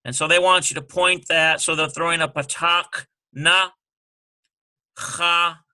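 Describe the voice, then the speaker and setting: A man slowly working through a language exercise, sounding out syllables and spelling letters one by one. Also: a little high, steady tone, pushed and bright. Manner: slow and halting, sounding out syllables. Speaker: Hebrew teacher. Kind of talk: screen-recorded lesson walkthrough.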